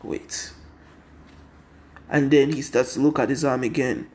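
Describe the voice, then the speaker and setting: A man's voice: mid-range voice, fairly even intonation, a little slow, a little mellow, slight background noise. A tired young man casually narrating a fan story, rambling with constant 'and then' and 'he's like'.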